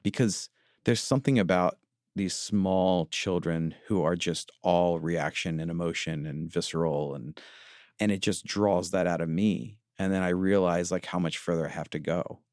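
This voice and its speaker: A man with a low voice talks earnestly in a reflective podcast chat, often pausing to find his words. The sound is dry and close, with almost no room around it. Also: steady tone, darkish tone, no echo. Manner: earnest, confessional, searching for words. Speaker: podcast co-host.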